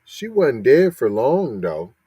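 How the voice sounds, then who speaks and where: A man's voice: mid-range voice, very animated, slow, mellow, slightly rough, no echo. A man co-hosting a podcast, throwing in dry asides while reacting to a news story. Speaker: podcast co-host. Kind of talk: casual reaction commentary.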